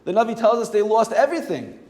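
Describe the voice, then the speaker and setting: A man, a rabbi, teaching a Torah class in a lively, animated way and acting out the quoted voices. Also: sits high, quick pace. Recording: echoey hall with long reverb.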